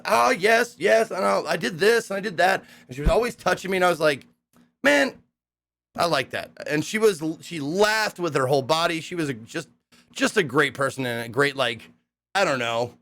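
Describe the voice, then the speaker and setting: Recapping a hosting gig he just did, a young streamer rambles through casual stories, swears without restraint, and jumps into animated voices to quote others. His pitch is a little high and moves around a lot.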